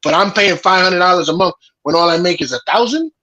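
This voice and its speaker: A man talks in a loose podcast conversation, worked up and cursing as he vents. His voice sits high and bright with a husky edge. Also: animated, fast talker, low-quality recording. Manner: heated, profane storytelling. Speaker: podcast host. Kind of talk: casual chat.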